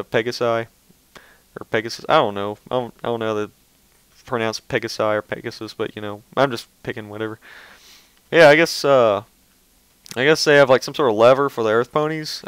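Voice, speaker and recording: A man's voice: medium pitch, fairly bright tone, smooth, no echo, rough recording. A man reading fan fiction aloud, often stumbling over words and breaking off into casual, offhand asides. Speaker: reader.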